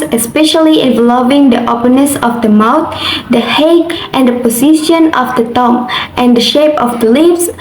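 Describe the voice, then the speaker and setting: A young woman from Indonesia, a university student carefully reading a class assignment aloud, with occasional slips. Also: high voice. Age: young adult. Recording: roomy echo, faint background noise.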